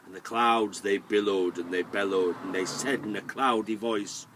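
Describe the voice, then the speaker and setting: A man telling a folk tale to children in a lively way, inviting the listeners to join in. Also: on the low side, normal speed, slightly rough, far from the mic. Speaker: storyteller. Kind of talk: oral storytelling for children.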